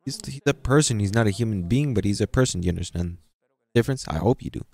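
Man preaching, low voice, dry close sound, acts out churchgoers. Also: animated, quick pace, a little mellow, dry recording. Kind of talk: sermon.

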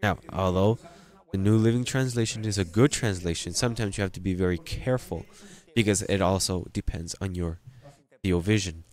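A man's voice: low-pitched, fairly even intonation, normal speed, darkish tone. A man preaching a sermon with an accent, drawing out words and rising into emphatic bursts. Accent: non-native English. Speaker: pastor.

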